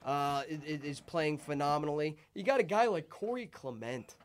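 Excitable rambling male podcast host. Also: on the high side, normal speed. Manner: excited, rambling storytelling with swearing. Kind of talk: casual sports chat.

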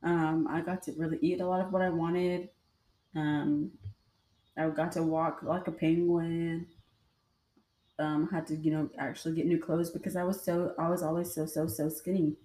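A young woman vlogging from an echoey room recounts her own stories in a low, warm voice that barely moves in pitch, at a moderate pace. Her talk is chatty and wandering, with many fillers.

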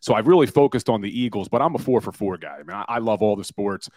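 Energetic forty-something Philly man, dry studio sound. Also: lowish voice, quick pace, no room sound. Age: 40s. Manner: energetic, storytelling, self-deprecating. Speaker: guest, podcaster and former lawyer. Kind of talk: casual sports radio interview.

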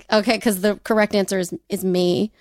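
A woman co-hosting a podcast, telling a story in a chatty, animated way with jokey asides and frequent laughs. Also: medium pitch, moderate pace. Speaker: podcast co-host. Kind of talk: casual storytelling chat.

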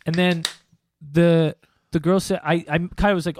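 In a recording with no room sound, a fairly high-pitched man talks at a moderate speed. He's chatting casually and spinning a profanity-laced story, animatedly performing the quotes of the people involved.

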